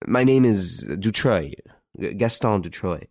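A man's voice: on the low side, animated, unhurried, a little mellow, dry recording, clean studio sound. A man voicing an agitated young man who stammers and insists in a storybook reading. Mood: distraught.

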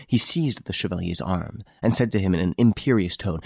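A man narrating a classic novel as an audiobook in a measured, steady storytelling manner. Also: deep voice, vocal fry, no echo, clean studio sound.

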